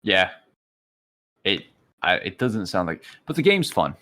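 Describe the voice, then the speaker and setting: Deep-voiced guy co-hosting a chill podcast, telling stories in an easy drawl. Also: measured pace. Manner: relaxed storytelling, acts out game dialogue. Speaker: podcast co-host. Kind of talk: casual chat.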